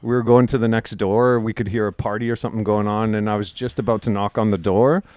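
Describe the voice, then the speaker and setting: A man's voice: lowish voice, fairly even intonation, quick pace, no room sound. Laughing man telling a rambling story. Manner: rambling anecdote, laughing through it, trails off quiet. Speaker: guest comedian. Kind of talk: casual storytelling.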